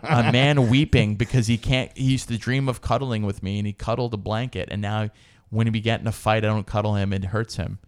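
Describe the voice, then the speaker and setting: A man hosting a casual podcast chat, lively and jokey, laughing often. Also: fairly low pitch, fairly quick, few pauses, clean tone, no echo. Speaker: podcast host.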